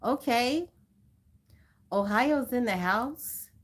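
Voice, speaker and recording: A woman's voice: fairly high pitch, expressive, drawn-out words. A woman from Southern California hosting a casual livestream, chatting and greeting viewers by name with frequent laughs. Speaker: livestream host.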